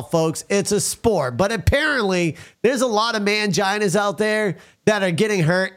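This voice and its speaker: A man's voice: sits high, lively intonation, normal speed, a bit bright, smooth. A man hosting a talk show, ranting bluntly and crudely and often calling out to his listeners as folks. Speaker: podcast host. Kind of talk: casual talk show banter and rant.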